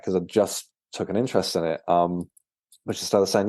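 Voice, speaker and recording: Deep, mellow man telling his story. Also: fairly even intonation, no room sound, clean studio sound. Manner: halting, with frequent repeated words and fillers. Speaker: guest, author and medium. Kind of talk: casual storytelling interview.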